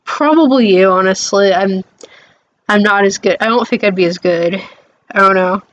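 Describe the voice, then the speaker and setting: A woman's voice: medium pitch, moderate pace, a bit bright, dull audio. A woman streamer chatting casually about a game, hesitant and full of fillers, often giggling.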